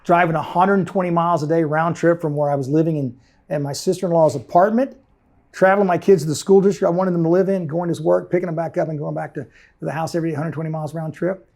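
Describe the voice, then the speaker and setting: A man's voice: a little high, steady tone, quick pace, vocal fry, darkish tone. A middle-aged man from the United States, an entrepreneur telling his story intensely in an interview and acting out the people he quotes. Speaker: guest entrepreneur.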